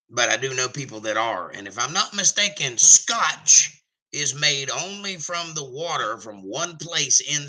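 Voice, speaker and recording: A man's voice: medium pitch, bright, forceful tone, low-quality recording. A man hosting a casual live stream, reading chat comments aloud in a jokey, rambling way.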